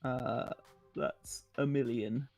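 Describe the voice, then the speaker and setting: A man's voice: medium pitch, fairly even intonation, slow, a little mellow, soft background music. A man streaming a game, chatting casually in a giggly, playful way.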